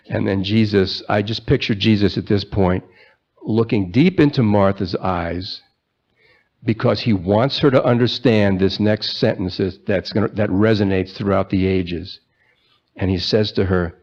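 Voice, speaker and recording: A man preaching a sermon, retelling the scripture story in a conversational way and slowing down for the key lines. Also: sits low, dull audio. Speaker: pastor.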